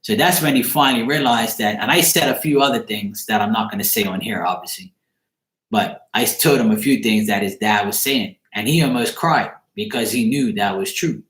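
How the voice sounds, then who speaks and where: Sitting in his apartment, a psychic card reader tells a story casually, loose, profane, and rambling. His voice is on the low side and a bit bright at a moderate pace, and the room is echoey.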